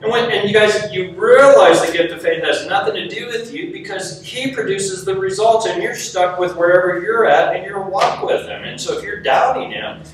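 A man preaching a sermon to a live audience, telling a personal story in an animated, self-mocking way and laughing often. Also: sits high, moderate pace, few pauses. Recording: echoey hall, mic at a distance.

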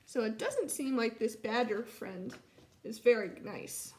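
First grade teacher lady, high voice, encouraging kid-friendly talk, video lesson. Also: animated, measured pace, roomy sound. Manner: warm, encouraging teacher talk to young children. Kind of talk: distance learning lesson and read-aloud.

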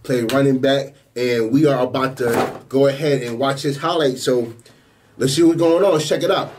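A man hosting a sports reaction video, exclaiming over football highlights in an excitable, slangy way. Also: moderate pace, background noise.

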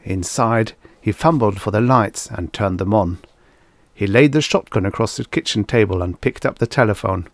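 Low-voiced male audiobook narrator. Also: normal speed, no room sound. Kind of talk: scripted narration of vintage science fiction.

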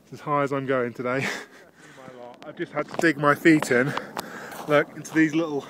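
A man out of breath, rambling casually with lots of fillers as he films himself outdoors on a high mountain ridge with a handheld camera. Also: fairly even intonation, moderate pace, noisy background. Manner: rambling, chatty, with many fillers. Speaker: vlogger. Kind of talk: casual handheld vlog narration.

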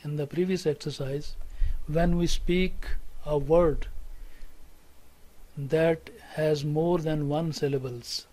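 A man with a Pakistani English accent teaching a recorded English lesson, slow and deliberate, repeating words for students to say along. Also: a little high, steady tone, dark tone, poor audio. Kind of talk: recorded classroom lecture.

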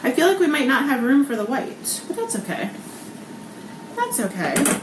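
A bubbly woman in her thirties chats her way through a live cooking stream in a home kitchen, slightly high-voiced and full of ums and likes. The room rings with echo, and steady background noise sits under her voice. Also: moderate pace. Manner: chatty, bubbly, laughs often, lots of um and like. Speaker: cooking vlog host. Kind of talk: casual live cooking chat.

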